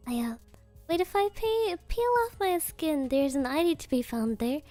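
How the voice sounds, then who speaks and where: A woman's voice: high-pitched, big pitch swings, moderate pace, mellow, soft background music. A young woman streaming as a VTuber, chatting casually and rambling with giggles and playful quoted voices.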